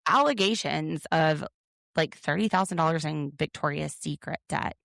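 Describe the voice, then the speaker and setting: A woman's voice: low-pitched, normal speed, vocal fry, a bit bright, dry recording, studio quality. A woman co-hosting a podcast, recapping a reality show in an opinionated, sarcastic way. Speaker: podcast co-host. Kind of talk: casual recap chat.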